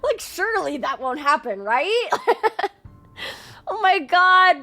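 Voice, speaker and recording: Casting brief: bubbly high-voiced streamer in her twenties, excitable and gushing, easygoing tempo, faint music behind. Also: takes it slowly, pauses often. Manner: excitable, gushing, full of fillers and swearing. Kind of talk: excited game playthrough reaction.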